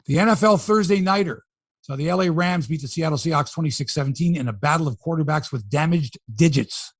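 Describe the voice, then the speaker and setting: A man with a slightly high voice hosts a sports podcast, speaking briskly in clean studio sound with no room noise. In casual chat he runs through scores and jokes about the headlines.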